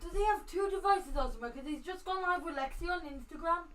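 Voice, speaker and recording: A woman's voice: very high-pitched, animated, fast talker, fairly bright tone. A woman chiming in briefly from across the room during a casual football stream. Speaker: off-mic companion chiming in. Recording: distant off-mic voice.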